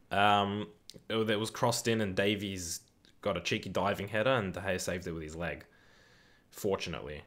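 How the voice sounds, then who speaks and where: A young man from the UK hosting a football watch-along stream, chatting casually, reading chat aloud, swearing and getting excitable. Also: sits low.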